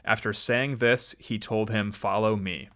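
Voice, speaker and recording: A man's voice: fairly low pitch, fairly even intonation, unhurried, a bit bright. A man hosting a faith podcast, chatting loosely with many fillers and restarts, then reading a Bible passage aloud. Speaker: podcast host.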